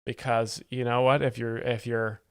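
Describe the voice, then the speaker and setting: A man's voice: mid-range voice, little pitch movement, normal speed, clear, resonant tone, dry recording, studio quality. A young man hosting a comedy live stream, explaining jokes in an ironic, fake-earnest, rambling way. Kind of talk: mock-expert comedy commentary.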